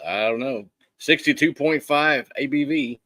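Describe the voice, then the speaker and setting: A laid-back man co-hosts a casual livestream, offering short tasting remarks and dry quips. His voice sits at an ordinary middle pitch. It is recorded close and dry. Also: a little slow, a bit bright, no room sound. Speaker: co-host tasting whiskey.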